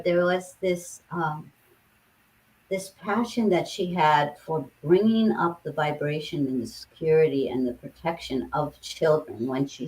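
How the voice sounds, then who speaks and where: A woman's voice: sits low, a little mellow, rough recording. A woman hosting a casual talk over a video call, asking questions in a rambling, hesitant way. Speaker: host.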